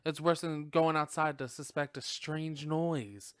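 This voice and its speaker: A man's voice: fairly high pitch, steady tone, a little slow, clear, resonant tone, dry recording, natural voice. A man voicing a taunting male killer on the phone, mocking and menacing.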